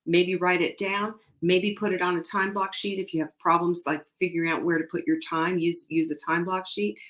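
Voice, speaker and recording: A woman's voice: fairly low pitch, fairly even intonation, normal speed, hardly any pauses, fairly bright tone. A middle-aged woman hosting a show, giving motivational tips in an emphatic, conversational way and repeating key phrases. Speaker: show host.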